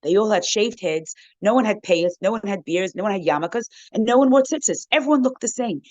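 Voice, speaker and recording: A woman's voice: mid-range voice, a little fast, no room sound, lo-fi sound. A woman speaks to a circle of women in a heartfelt storytelling talk, bringing the people in her tale to life with their own voices. Her voice sits in a middle register. The sound is close and dry, with little room around it. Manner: heartfelt, tells a story with quoted voices, softens to near-whisper at the end. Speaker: guest speaker.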